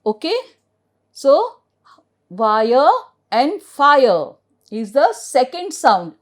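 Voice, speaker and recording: A woman's voice: high-pitched, sing-song, extremely slow. A middle-aged woman with an Indian accent teaching English phonics to children, spelling each word out letter by letter and answering her own questions.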